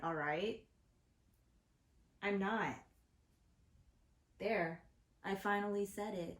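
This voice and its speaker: A woman's voice: medium pitch, very slow, pauses often, reverberant. A woman hosting her own vlog, ranting in a casual, profane, exasperated way about things that annoy her. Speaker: vlogger host. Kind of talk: casual opinion rant to camera. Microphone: home recording setup.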